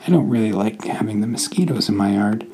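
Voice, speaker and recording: A man's voice: on the low side, lively intonation, quick pace, mellow, a little hiss or hum, natural voice. A man voicing a friendly little male monster in a bedtime story, with a raised, eager, wondering voice.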